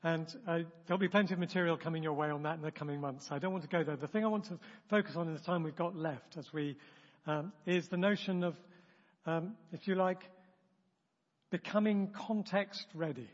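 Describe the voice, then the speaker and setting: A man with a husky voice leading a church training session in a chatty, self-interrupting way, acting out example remarks. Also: a little high, fast talker. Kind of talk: informal teaching talk. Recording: dull, long-reverb room recording.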